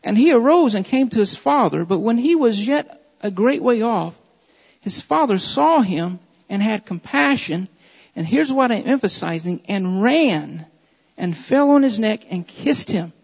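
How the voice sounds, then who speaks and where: A very high-pitched man delivering a sermon, pressing each point with repeated emphatic phrases. His voice rings out with a long reverb through a church sanctuary. The audio is dull and muffled. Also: lively intonation, normal speed, vocal fry, breathy edge. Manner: emphatic, repetitive preaching cadence. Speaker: preacher.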